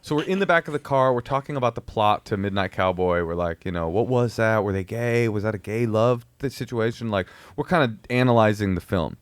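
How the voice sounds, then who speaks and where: A man's voice: lowish voice, brisk, hardly any pauses, no room sound. A comedian in his thirties telling a story in casual chat, acting out the other people's lines in put-on voices. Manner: animated, acts out quotes in other voices.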